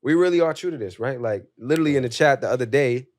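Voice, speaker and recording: A man's voice: mid-range voice, fast talker. A man hosting a casual podcast among friends, affirming and reflective with a playful, teasing streak. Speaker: podcast host.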